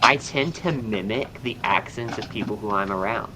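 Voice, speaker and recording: A young adult podcast host and astrologer with a Southern American accent chats casually, rambling in an upbeat way with lots of fillers. His voice is on the low side at a moderate pace, with background noise behind him.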